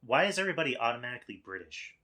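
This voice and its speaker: A man talking as a podcast guest in casual chat, animated and laughing often. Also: medium pitch, racing.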